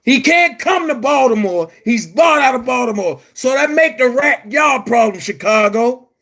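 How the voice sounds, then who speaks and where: A man delivering a heated, profane rant to his viewers, shouting at times. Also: very high-pitched, expressive, normal speed. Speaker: commentary vlogger. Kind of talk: angry rant to camera.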